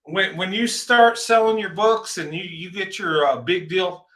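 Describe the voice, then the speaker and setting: A man's voice: high voice, unhurried, fairly bright tone. A man hosting a casual conversation, earnest and encouraging, often repeating himself. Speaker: host.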